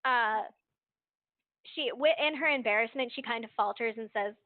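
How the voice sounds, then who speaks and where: A woman's voice: a little high, moderate pace, no echo. A woman narrating a tabletop game as game master, hesitant with many fillers, heard over a dry, tinny voice call.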